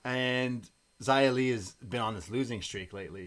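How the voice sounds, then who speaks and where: A man's voice: medium pitch, unhurried. Guy co-hosting a wrestling podcast, hyped and chatty, walks through every match. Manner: animated, excitable storytelling. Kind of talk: casual chat recapping a wrestling show.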